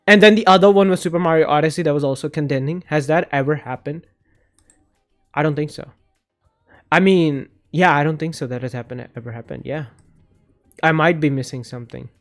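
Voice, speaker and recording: A young man giving casual opinion commentary on games, rambling and animated, often cutting himself off mid-sentence. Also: a little high. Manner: rambling, animated, self-interrupting. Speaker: gaming video creator.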